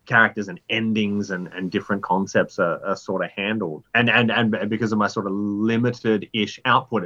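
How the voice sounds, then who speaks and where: A man in his thirties, a writer being interviewed, talking in a rambling, animated way full of fillers. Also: lo-fi sound. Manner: animated storyteller, jumps pitch for inner voices. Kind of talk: casual conversational interview.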